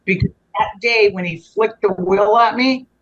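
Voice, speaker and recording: A woman's voice: mid-range voice, measured pace, highs cut off, crowd noise. A woman guest telling a personal story in a conversational way. She often stops and restarts her sentences and lets phrases trail off.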